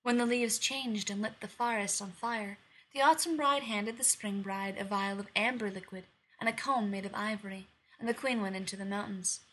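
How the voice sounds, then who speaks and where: A woman narrating a dark fairy tale in a measured storytelling reading. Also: medium pitch, breathy edge, rough recording.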